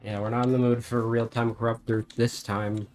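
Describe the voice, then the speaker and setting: A man's voice: mid-range voice, flat delivery, normal speed, darkish tone, faint music behind. A man chatting casually while playing a video game, laid-back and joking, often breaking into laughter. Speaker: gamer. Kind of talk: casual gaming chat.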